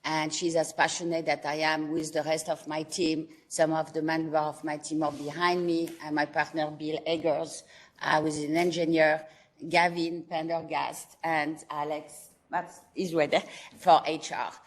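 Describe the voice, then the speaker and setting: A woman with a strong French accent speaks in a low register, her English halting and sprinkled with "uh" and "um." She addresses a public board meeting as a company founder, earnest and proud. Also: little pitch movement. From France.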